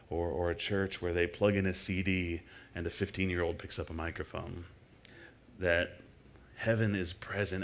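A middle-aged man giving a sermon in a church, talking casually with many restarts and sometimes sinking into soft, murmured prayer. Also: sits low, slight background noise. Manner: conversational, halting with many restarts. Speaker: guest speaker. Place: church service before a congregation.

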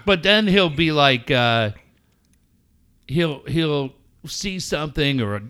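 A middle-aged man telling animated family stories in casual chat, swearing and acting out quotes loudly. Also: fairly high pitch, slow pace, smooth. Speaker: podcast co-host.

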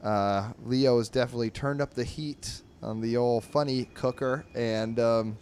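A man's voice: medium pitch, steady tone, measured pace, a little mellow, a little hiss or hum. A man hosting a comedy podcast, reading and reviewing newspaper comic strips in a rambling, wry way with many fillers and restarts. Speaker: host.

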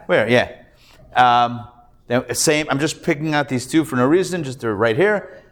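A man's voice: mid-range voice, normal speed. A male rabbi teaching a live Hebrew reading class, patiently sounding out syllables and repeating them. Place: class recorded live in a room.

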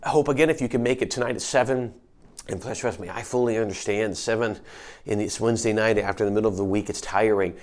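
A man's voice: lowish voice, steady tone, quick pace. A man pastor giving a midweek devotional sermon in an earnest, encouraging way, often repeating and restarting phrases.

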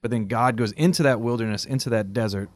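A man co-hosting a casual Catholic talk show, telling the story with animated emphasis and easy laughs. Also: mid-range voice, quick pace, no echo.

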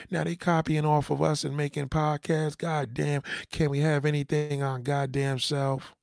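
Man commentator, angry profane rant, gravelly voice, dry close sound. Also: a little high, a little mellow, no room sound.

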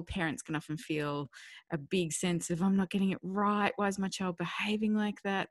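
A woman with a low, gravelly voice co-hosts a parenting podcast in relaxed conversation. She sounds eager and laughs easily as she talks. The recording is close and dry, with no room sound. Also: no echo. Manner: enthusiastic, laughs often.

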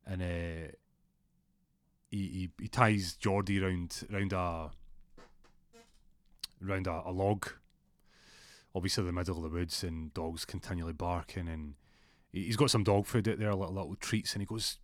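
A man's voice: sits low, fairly even intonation, moderate pace, pauses often, no room sound, clean studio sound. Rambling man telling a story. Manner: rambling, full of restarts. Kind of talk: casual spoken storytelling.

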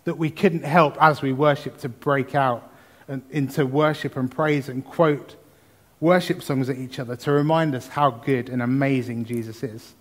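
A man's voice: medium pitch, fairly even intonation, normal speed. A man preaching a sermon, reading scripture and talking about it with exuberant emphasis. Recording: long hall reverb.

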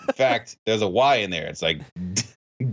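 A man's voice: lowish voice, lively intonation, moderate pace, breathy edge, dull audio. A man chatting casually on a podcast, joking wryly and swearing. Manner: joking, wry, profane.

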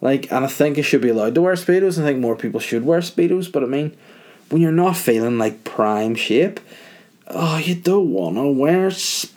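A man's voice: medium pitch, animated, fairly quick, darkish tone. A middle-aged man, hosting a podcast in a crude, rambling, self-mocking comic monologue. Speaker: podcast host. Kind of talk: casual comedic monologue.

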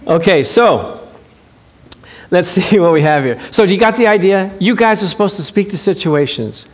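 A male pastor preaching with a lively, playful energy. He jumps into little acted-out scenes as he talks. His voice is high and swings widely in pitch. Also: normal speed. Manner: animated, playful, acts out scenes. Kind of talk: sermon.

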